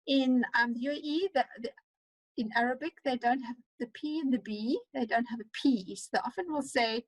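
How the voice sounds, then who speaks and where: A woman lecturer with a South African accent teaching an online webinar, talking fast and animatedly with frequent fillers. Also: fairly high pitch, slightly rough, no room sound, low-quality recording. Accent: South African English. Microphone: computer mic on a video call.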